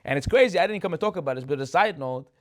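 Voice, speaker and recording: A rabbi giving a chatty Torah class, telling the stories with animation, acting out the characters and asking rhetorical questions. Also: male voice, on the high side, expressive, racing.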